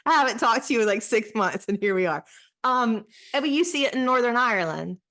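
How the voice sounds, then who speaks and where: A woman's voice: fairly high pitch, animated, a little fast, a bit bright. Reflective woman, former pastor. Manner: reflective, searching, lots of fillers and restarts. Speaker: podcast guest, former pastor. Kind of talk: casual conversation.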